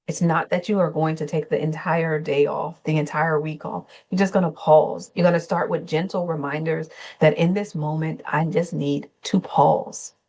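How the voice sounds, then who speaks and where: A woman therapist hosting a gentle wellness talk, speaking slowly and soothingly, unscripted, with small self-corrections along the way. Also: sits low, fairly even intonation. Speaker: therapist and channel host.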